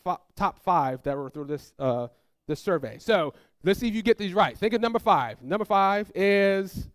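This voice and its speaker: In a smooth, high voice, a man preaches a storytelling sermon about his family, acting out their words in raised voices. He speaks directly to the congregation and asks them to call out, recorded with clean studio sound and no echo.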